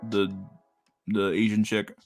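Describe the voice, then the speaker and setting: Young man, livestream host, low voice, crude, profane, casual chat. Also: flat delivery, slow, a little mellow, soft background music.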